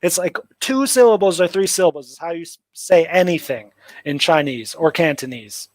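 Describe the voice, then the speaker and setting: A man's voice: a little high, normal speed, no echo, rough recording. A man hosting a casual livestream, picking apart a notice with sarcastic, rambling commentary full of "like" fillers. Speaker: livestream host. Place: home livestream setup.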